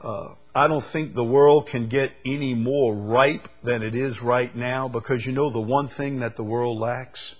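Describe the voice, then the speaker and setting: A man preaching a sermon who swings from loud, emphatic declarations down to low, quiet scripture reading. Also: fairly even intonation, unhurried, few pauses.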